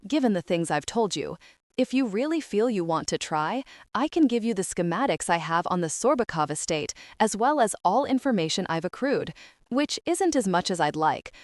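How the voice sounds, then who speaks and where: Woman voicing a protective man, measured, calm, audiobook, dry close mic. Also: mid-range voice, no room sound, lightly acted. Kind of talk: audiobook character reading.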